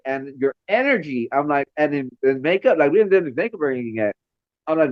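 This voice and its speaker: A middle-aged man, a makeup artist and female illusionist, telling stories in an interview with lively acted-out quotes and frequent laughter. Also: fairly high pitch, moderate pace, long pauses, no echo. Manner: animated, acts out quoted voices, laughs often. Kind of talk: storytelling interview. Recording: dry, slightly dull lo-fi recording.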